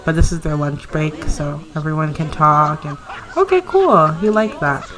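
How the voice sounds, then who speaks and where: A woman's voice: deep voice, animated, moderate pace, crowd noise. A young woman narrating her life-sim gameplay in a chatty, giggly way, cheering on her character. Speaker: let's play narrator. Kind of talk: casual gameplay commentary.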